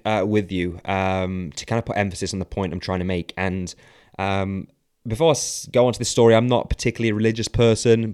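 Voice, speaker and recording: A man hosting a solo business podcast, talking conversationally with frequent fillers and "okay?" check-ins. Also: lowish voice. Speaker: podcast host.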